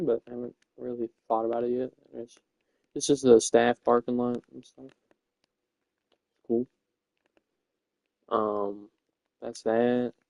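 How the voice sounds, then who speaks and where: As a Minecraft server tour guide, a young man playfully rambles through a build, frequently fixing what he just said. His medium-pitched voice is dark with vocal fry, and the home recording sounds dull and dry.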